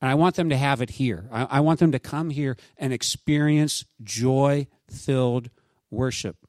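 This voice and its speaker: A man preaching a sermon as pastor, in a conversational, animated way with asides to his congregation. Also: medium pitch, unhurried, no echo.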